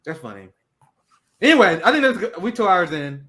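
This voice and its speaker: A man's voice: high-pitched, sing-song, a little fast, bright, forceful tone. A young man hosting a podcast, ranting in profane casual chat and mocking others with impressions. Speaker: podcast host.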